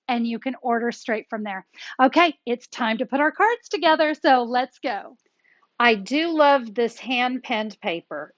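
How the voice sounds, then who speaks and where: A woman with a high voice walks viewers through a crafting project step by step, chatty and upbeat, as if talking to friends. Her voice is recorded close and dry, with a slightly dull, lo-fi tone. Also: fairly bright tone, dry recording. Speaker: card-making tutorial host.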